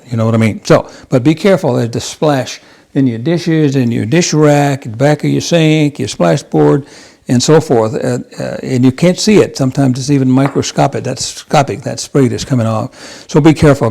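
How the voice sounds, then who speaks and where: A man's voice: mid-range voice, moderate pace, vocal fry, warm tone. A man hosting his own cooking channel, talking viewers through a kitchen task in a chatty, rambling way, calling them guys and making self-deprecating asides. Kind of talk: casual cooking demonstration. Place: home kitchen.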